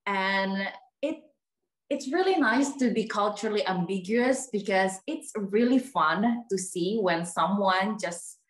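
A woman's voice: medium pitch, unhurried, echoey room. A woman telling a personal story as a workshop participant on a video call, hesitant with many fillers.

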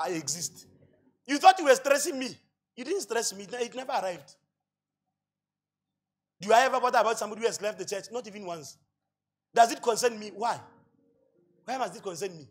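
A male pastor with a Botswana accent preaching a sermon, asking rhetorical questions and building to loud shouts. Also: high-pitched, slightly rough. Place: church hall.

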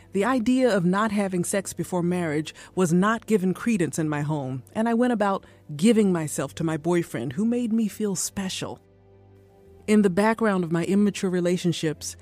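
A woman's voice: lowish voice, a little mellow, natural voice. An actress playing a young woman who narrates her troubled teenage years in a radio drama.

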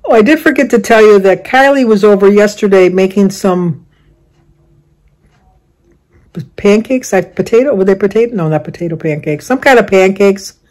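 An older woman telling a family story in a loose, chatty way, stopping and restarting mid-sentence. Her voice sits at an ordinary middle pitch, and she talks like she is sharing memories with friends. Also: darkish tone. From Michigan, United States. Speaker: vlogger. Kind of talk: casual storytelling.

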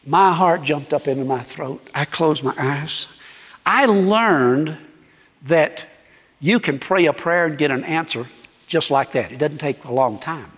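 A man preaching as a guest speaker, telling a story in an animated way and acting out the dialogue. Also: fairly high pitch. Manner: animated, acts out dialogue, dramatic pauses. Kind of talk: sermon storytelling. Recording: echoey hall reverb.

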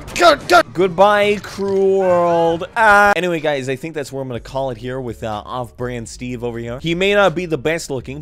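Excitable sarcastic man commentating a game. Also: medium pitch. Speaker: gaming channel host.

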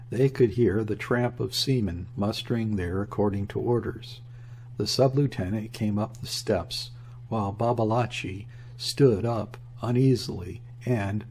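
A man narrating a classic novel as an audiobook, reading in a measured, even way. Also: on the low side, a little hiss or hum.

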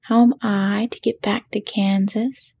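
A woman's voice: mid-range voice, flat delivery, measured pace, darkish tone, slightly rough. A woman voicing a direct, blunt young girl, in whispered role-play.

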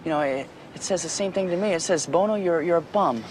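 A man's voice: on the high side, quick pace, a little hiss or hum, lightly acted. An actor playing an eager young songwriter husband who stammers and repeats himself as he coaxes and reassures. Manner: stammering, coaxing. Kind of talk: TV movie acting.

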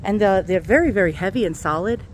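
A woman's voice: mid-range voice, animated, fast, a little hiss or hum. A woman vlogging casually while out of breath, rambling, laughing and swearing freely. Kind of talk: casual home vlog.

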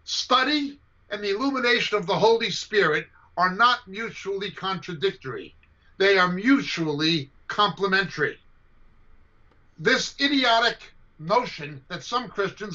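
A man teaching on scripture over a video call, forceful and combative, hammering his points home by repeating them. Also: sits high, expressive, normal speed. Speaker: Bible teacher. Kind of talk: emphatic teaching answer to a question. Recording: dull lo-fi video call audio.

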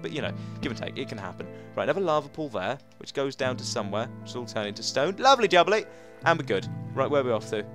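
A young man, excitably chatting his way through a video game as its host. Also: mid-range voice. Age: young adult. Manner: excitable, chatty, talks to himself. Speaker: gamer host.

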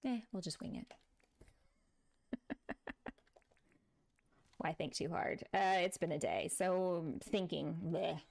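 A woman's voice: lowish voice, takes it slowly, gravelly, pauses often, a little mellow. Woman, Texan accent, middle-aged, game streamer, casual chat, exclaiming, laughing. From Texas. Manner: chatty, exclaiming, laughs often. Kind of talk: casual gameplay chat with live chat.

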